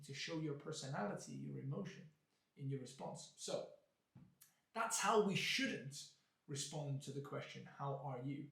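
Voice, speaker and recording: A man's voice: a little high, vocal fry. Echoey English teacher, man. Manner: explains and demonstrates with exaggerated intonation. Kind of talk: video lesson. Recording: echoey room.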